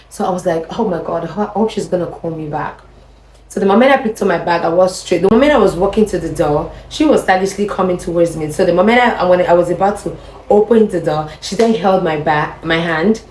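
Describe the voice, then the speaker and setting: Nigerian woman telling a story in a roomy echo. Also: lowish voice. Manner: animated, addresses the viewers directly. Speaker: vlogger. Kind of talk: storytime monologue.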